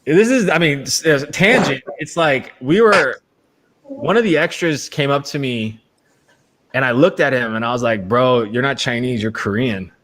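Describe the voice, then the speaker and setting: A man's voice: fairly high pitch, lively intonation, moderate pace, fairly bright tone. Man telling a loose, filler-heavy anecdote on a talk show. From United States. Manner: rambling, storytelling with many fillers. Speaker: actor guest. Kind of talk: casual chat.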